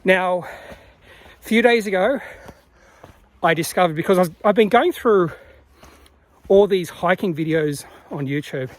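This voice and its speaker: A man's voice sits high as he narrates his hike on a rainforest trail, filming himself outdoors. He talks at a measured pace and pauses often, chatting casually and rambling with many fillers and self-corrections.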